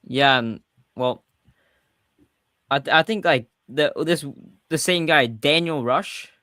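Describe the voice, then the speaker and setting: His voice is a little high and sharp-toned, and he speaks at a slow pace with no room sound. The man, a podcast host with a Swedish accent, runs a casual livestream chat, talking freely and repeatedly correcting himself partway through sentences.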